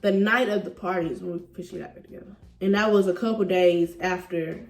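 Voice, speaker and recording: A young woman in her twenties tells a story in casual slang, lively and quick to laugh. She sits a little back from the mic, and the room gives her voice a roomy echo. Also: on the low side, recorded from a distance. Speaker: vlogger telling a couple's story.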